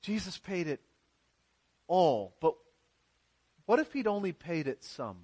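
A man's voice: high voice, sing-song, slow, a little mellow, husky. A man pastor preaching a sermon in a church, earnest and emphatic, posing rhetorical questions to his congregation.

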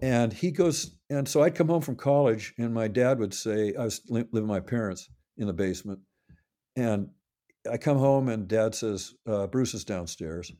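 A man's voice: lowish voice, normal speed, warm tone. An older man telling long, rambling anecdotes in a casual interview, often correcting himself and quoting others. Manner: rambling, self-correcting anecdotes with quoted voices. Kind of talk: casual storytelling.

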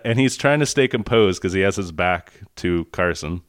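A man in casual podcast chat, mocking a movie with animated, profane retelling and frequent laughter. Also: on the low side, normal speed, hardly any pauses, dry recording, studio quality.

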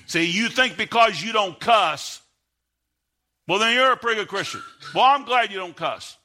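A middle-aged man preaching as a guest pastor, emphatic and building to sudden shouts, reading scripture in old King James wording. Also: high-pitched, animated, moderate pace. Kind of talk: Baptist sermon.

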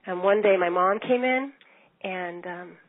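A middle-aged woman telling her own recovery story in an earnest, measured way with small restarts. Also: fairly low pitch. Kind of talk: personal storytelling. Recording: tinny phone-like line.

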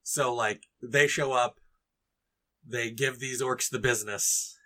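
A man's voice: mid-range voice, fairly even intonation, slow, pushed and bright. A man co-hosting a casual chat, enthusiastic, breaking off to read book passages aloud with drama. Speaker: podcast co-host.

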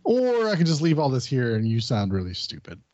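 A man's voice: mid-range voice, huge pitch swings, fairly quick, darkish tone, no echo. A man co-hosting a podcast, telling a story casually, swearing and acting out his friend's lines. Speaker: podcast co-host. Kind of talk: casual chat. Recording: dull lo-fi podcast audio.

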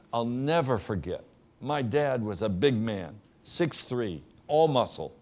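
Slow, earnest male preacher. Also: expressive. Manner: slow, earnest preaching, dropping soft and low for quiet quotes. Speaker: pastor. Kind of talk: sermon.

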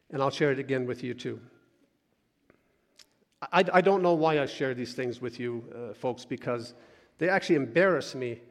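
Guy preaching a sermon, a bit high voice, chatty and repeats himself, long echo from the hall. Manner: conversational preaching, repeats words, quiet when quoting scripture. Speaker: pastor.

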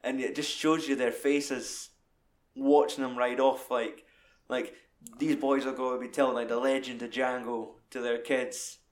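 This man talks through a film as a podcast co-host. He swears freely and gets worked up with enthusiasm. His voice sits at an ordinary middle pitch. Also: level tone, a little slow. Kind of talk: casual film chat.

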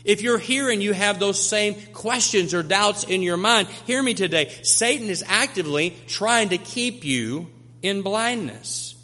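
A male pastor preaches with emphatic repetition, his voice high and bright. It rings out with a long, trailing reverb from a large church hall. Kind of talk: sermon.

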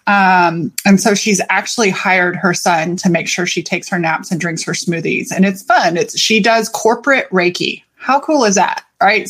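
A woman hosting a podcast as a life coach, talking in an animated, chatty and playful way and swearing casually. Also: mid-range voice, slightly rough. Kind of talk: solo podcast monologue.

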